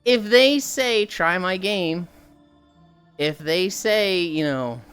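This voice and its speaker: A young woman streaming while she walks on a treadmill, telling a story in a casual, animated way with swearing, sounding a little tired. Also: fairly low pitch, takes it slowly, smooth, soft background music. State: slightly tired from walking.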